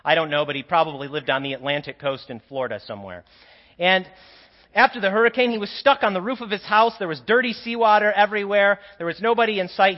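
Priest, male, high voice, earnest storyteller, muffled church recording. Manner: earnest storytelling, drops to quiet asides. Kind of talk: sermon. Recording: dull echoey church recording.

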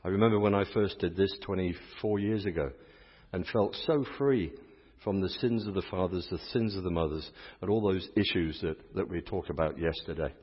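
In a low, husky voice at an ordinary speed, an English man preaches a sermon at a church healing service. His style is exuberant and conversational, with call-and-response to the congregation, recorded in an echoey hall with dull sound.

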